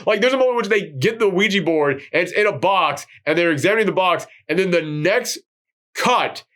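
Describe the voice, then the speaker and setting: Male podcast host, fairly high voice, rambling and excitable. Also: a little fast. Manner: excitable, rambling, swears freely. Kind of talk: casual film recap chat.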